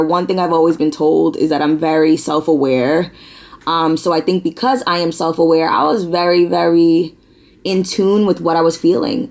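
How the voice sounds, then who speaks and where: Young american woman chatting while doing makeup, low gravelly voice, lots of likes and ums. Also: darkish tone. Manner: candid, conversational, many fillers and likes. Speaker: vlogger.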